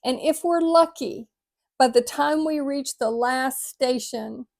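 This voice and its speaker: An older retired woman, gently reflecting to her viewers in a heartfelt video talk. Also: high-pitched, slow pace, creaky. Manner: gentle, heartfelt, sometimes choked up. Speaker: vlogger. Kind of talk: reflective talk reading an inspirational piece.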